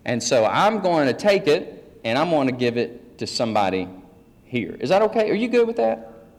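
A man's voice: mid-range voice, sing-song, moderate pace. A man preaching a folksy teaching sermon, joking with his congregation. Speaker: pastor. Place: church sanctuary. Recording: long hall reverb.

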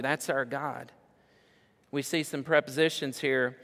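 A man's voice: mid-range voice, fairly even intonation, a little slow, vocal fry, long pauses. Preaching man in a reverberant hall. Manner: building to loud emphatic repetition. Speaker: pastor. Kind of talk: sermon.

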